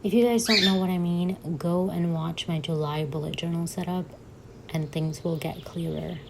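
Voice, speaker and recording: Over heavy noise, a bullet journal vlogger narrates her setup in a lowish, creaky voice with fairly even intonation and a moderate pace. She's chatty and giggly, poking fun at herself as she goes.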